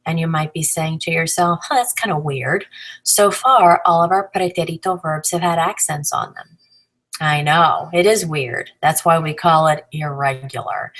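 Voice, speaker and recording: A woman's voice: low-pitched, creaky, fairly bright tone, low-quality recording. A woman teacher explaining grammar patiently, step by step, spelling out letters as she goes. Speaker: Spanish teacher. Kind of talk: recorded grammar lesson.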